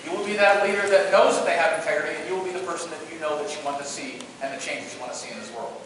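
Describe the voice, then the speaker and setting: A middle-aged man with a high voice tells stories from a conference stage, playful and animated, trading jokes with the crowd. The sound is far off and booming, with a long hall reverb and faint background noise. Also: very fast. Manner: animated, playful, joking with the audience. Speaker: keynote speaker. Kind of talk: storytelling conference presentation. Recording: echoey hall, picked up from afar.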